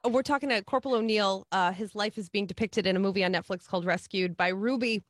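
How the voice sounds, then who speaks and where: A woman hosting an interview, asking playful, quick questions. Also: mid-range voice, no echo, studio quality. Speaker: interview host. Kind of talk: casual interview.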